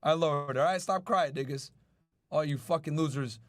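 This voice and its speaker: Man, podcast host, high voice, dry close sound, brash, swears a lot, talks to chat. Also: fairly quick, no room sound, soft background music. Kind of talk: casual chat reacting to news.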